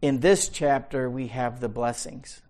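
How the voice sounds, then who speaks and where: A man teaching a Bible study sermon, emphatic and repeating his key words, swinging from quiet asides to loud pronouncements. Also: mid-range voice, unhurried.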